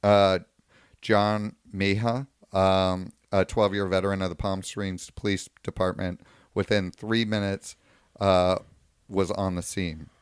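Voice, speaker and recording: A man's voice: sits low, little pitch movement, takes it slowly, clear, resonant tone, no room sound, clean studio sound. A man co-hosting a podcast, recounting a news story at length in casual talk and paraphrasing what people said. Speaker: podcast co-host.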